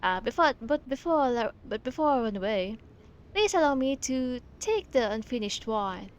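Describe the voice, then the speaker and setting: A woman's voice: fairly high pitch, animated, normal speed, muffled recording. A woman streamer chatting casually over gameplay, gushing, with many fillers and giggles.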